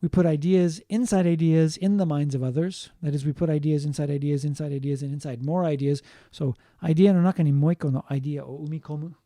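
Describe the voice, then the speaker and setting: Male lecturer, mellow tone, patient and repetitive delivery, dry close sound. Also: on the high side, fairly even intonation, no room sound. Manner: explains slowly, repeating points and adding Japanese glosses. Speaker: linguistics teacher. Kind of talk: online lecture.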